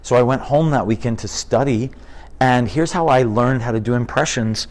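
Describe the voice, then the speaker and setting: A man in his fifties, a comedian chatting in an interview, telling animated stories and slipping into impressions. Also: medium pitch, moderate pace. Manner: animated storyteller, drops into impressions. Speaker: comedian guest. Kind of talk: casual interview chat.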